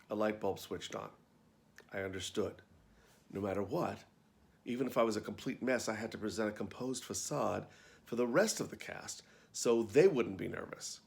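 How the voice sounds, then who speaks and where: An actor and storyteller reads his own backstage memoir aloud, his lowish, gravelly voice carrying a darkish tone at a normal pace. He tells it wryly, in a conversational storytelling style.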